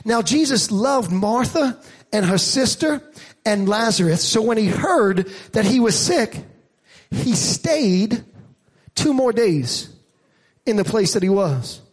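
A man preaching a sermon as a church pastor, moving from quiet reflection to shouted, rising passages. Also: high voice, very animated, slow, breathy edge.

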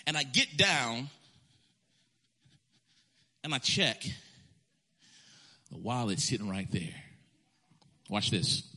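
Speaking slowly with long pauses, a man of medium pitch preaches a story-driven sermon as pastor, lively and forceful in delivery and often starting his phrases over.

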